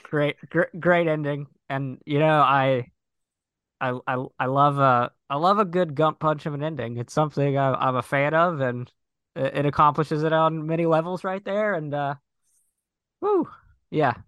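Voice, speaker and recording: A man's voice: on the high side, moderate pace, a bit bright, clear, resonant tone, no echo. A man co-hosting a casual film podcast, enthusiastic and jokey, often stammering and restarting his sentences. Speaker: podcast co-host. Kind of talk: casual conversational film review.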